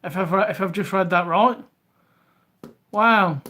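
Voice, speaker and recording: A man's voice: high voice, unhurried, sharp tone. A man with a Scouse accent from Liverpool, hosting a casual live stream and chatting to viewers by name. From Liverpool, England. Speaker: reseller livestream host.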